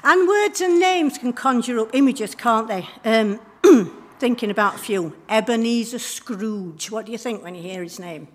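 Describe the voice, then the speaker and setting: A woman giving church notices and a talk during a service, chatty and friendly with frequent ums and throat clearing. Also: fairly high pitch, moderate pace. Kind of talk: church notices and informal sermon.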